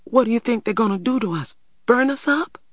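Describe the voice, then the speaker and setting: A man reading a storybook, voicing an excitable youngest boy who talks fast and hisses for quiet. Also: fairly high pitch, gravelly, husky, no room sound, studio quality, voice pushed up, exaggerated voice. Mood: excited. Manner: excited, rapid, hissing.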